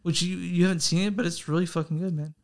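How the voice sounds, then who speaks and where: A man's voice: high voice, little pitch movement, fast talker. Rambling, swearing young man. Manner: rambling, swearing, self-deprecating. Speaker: podcast co-host. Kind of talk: casual chat.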